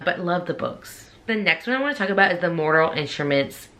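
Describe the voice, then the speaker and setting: A woman book vlogger giving a casual, opinionated review, chatty and expressive with sudden jumps upward in pitch. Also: a little fast.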